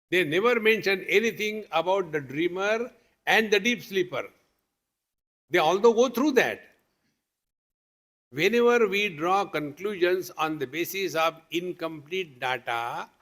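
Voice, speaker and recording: Male swami, slow and patient spiritual talk with gentle humor, somewhat high-pitched. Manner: patient, questioning, with homely examples and light humor. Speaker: swami teaching at a meditation retreat. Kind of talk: spiritual discourse.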